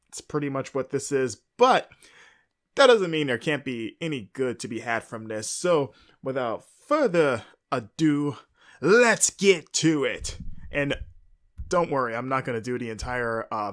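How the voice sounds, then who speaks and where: A man hosting a podcast, talking through a casual recap and rambling with frequent hesitations and fillers. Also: mid-range voice. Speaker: podcast host.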